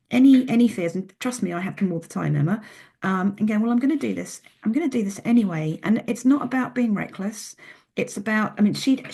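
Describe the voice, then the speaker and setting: Husky woman telling a story. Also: medium pitch. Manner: animated storyteller, many restarts. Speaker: podcast guest. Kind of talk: casual interview talk.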